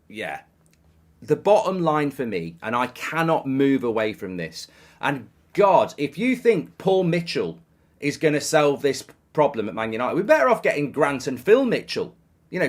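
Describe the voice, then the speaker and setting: A man ranting in an opinion monologue, exasperated and sarcastic, repeating words as he gets worked up. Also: medium pitch. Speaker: football fan commentator.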